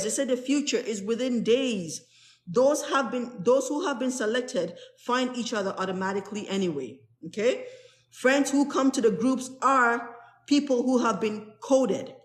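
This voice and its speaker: A woman who is a spiritual teacher, reading aloud from a spiritual text to an online group and explaining each passage in plain, earnest words. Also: on the high side. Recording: roomy echo.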